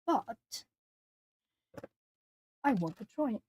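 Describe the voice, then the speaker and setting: A woman's voice: on the high side, lively intonation, slow pace, a little mellow, husky. A Brazilian woman from the south of Brazil, chatting casually with viewers and thinking aloud while she colors on an art stream.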